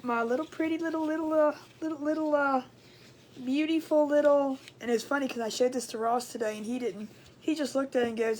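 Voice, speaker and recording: Chatty high-voiced woman livestreaming. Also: fairly even intonation, darkish tone, slight background noise. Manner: chatty, rambling, retells conversations, greets viewers in drawn-out sing-song. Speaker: livestream crafts host. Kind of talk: casual livestream chat.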